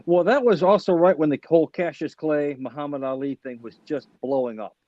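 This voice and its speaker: A man's voice: on the high side, fairly quick, warm tone, no echo. A comedian rambles through a story in casual chat, full of fillers and restarts. His voice sounds dull and very dry. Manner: rambling, with many fillers and restarts, often backchanneling. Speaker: comedian guest.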